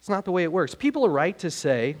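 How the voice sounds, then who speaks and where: A man's voice: sits high, fast talker. Conversational man preaching a sermon. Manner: conversational, rising animated on questions. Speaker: pastor.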